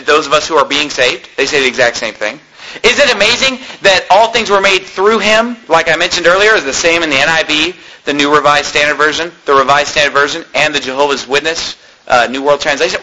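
An American man preaching a sermon, animated and mocking, swinging between loud points and low asides. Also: low-quality recording. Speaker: pastor.

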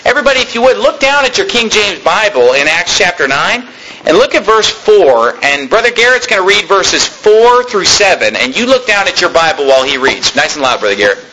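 Male pastor, sermon delivery, high-pitched and bright, scripture readings woven into plain explanations. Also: big pitch swings, fairly quick, poor audio.

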